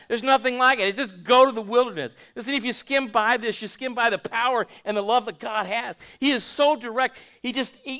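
Folksy high-voiced pastor preaching. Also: male voice, moderate pace, sharp tone, clean tone. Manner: folksy, repeats and restarts words, asks the congregation questions. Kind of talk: sermon.

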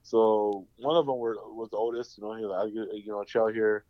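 A man's voice: fairly low pitch, fairly even intonation, fairly quick, no echo. A young man, hosting a casual podcast chat and telling rambling stories with plenty of swearing. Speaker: podcast host. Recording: dull lo-fi sound.

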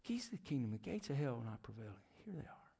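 A man's voice: medium pitch, very animated, quick pace, vocal fry, warm tone, slightly rough. A middle-aged man preaching a sermon. He questions the congregation and often drops to a near whisper. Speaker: preacher, former youth minister and missionary.

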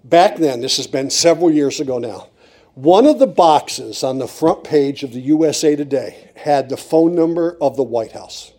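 A middle-aged preacher from Pennsylvania with a high, mellow voice for a man. He delivers a sermon through a comic personal story. He builds suspense by teasing the congregation over and over. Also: expressive, moderate pace. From Pennsylvania, USA.

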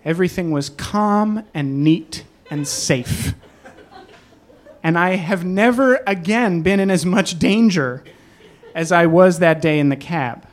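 A storyteller telling a personal story on stage, animated and acting out every quote. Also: mid-range voice, slow.

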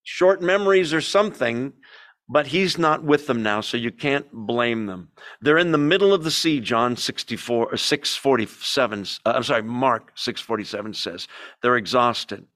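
Leading a conversational Bible study, a man with a mid-range, somewhat bright voice talks at normal speed. He puts questions to the group and narrates the story energetically.

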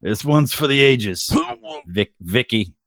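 A man's voice: fairly low pitch, expressive, slow pace, a bit bright, no room sound. A man chatting casually and telling crude, teasing jokes on a close studio mic. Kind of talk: casual chat.

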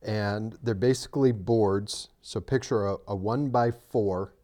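A man's voice: fairly low pitch, measured pace. A middle-aged man co-hosting a podcast in casual chat, telling stories and teasing his friend. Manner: teasing, animated storyteller. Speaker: podcast co-host.

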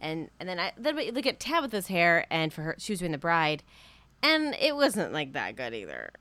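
A woman with a low pitch and a very lively, swooping delivery chats through a show recap. She is expressive and leans on filler words. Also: moderate pace, no echo. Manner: expressive, chatty, lots of "like". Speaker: podcast co-host. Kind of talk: casual recap chat.

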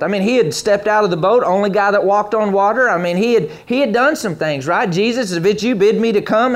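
High-voiced male preacher. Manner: preaching to a live congregation, reading scripture aloud. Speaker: pastor. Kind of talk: sermon.

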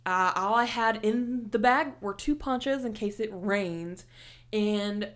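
A young woman telling a story in casual chat, animated and heated, swearing often and filling with "like". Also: mid-range voice, slow pace. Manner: heated, animated retelling with heavy swearing and many "like" fillers.

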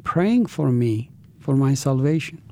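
Earnest man telling his testimony, warm-toned. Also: mid-range voice, lively intonation. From Palestinian territories. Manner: earnest, halting with restarts. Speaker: guest, author. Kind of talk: personal testimony in interview.

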